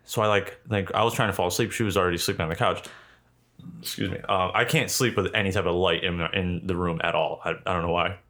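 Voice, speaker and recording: A man's voice: deep voice, steady tone, fast talker, sharp tone. A young man telling a long, rambling, profane story in a casual chat, full of fillers.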